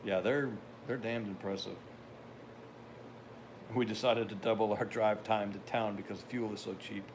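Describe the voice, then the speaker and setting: An older man with a fairly low voice tells a long, rambling story in an easy conversational way. He drops in dry asides as he goes, and there is a faint hiss of noise behind him. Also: steady tone, moderate pace. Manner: rambling anecdotal delivery with wry asides. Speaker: podcast host. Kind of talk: casual storytelling.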